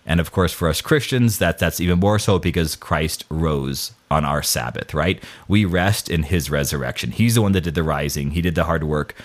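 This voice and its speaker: Man, very deep voice, casual faith chat, self-deprecating, stumbles and restarts a lot. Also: moderate pace, few pauses.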